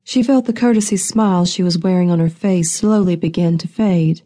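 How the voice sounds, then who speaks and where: Mellow woman reading an audiobook. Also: lowish voice, normal speed. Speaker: audiobook narrator. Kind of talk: scripted narration.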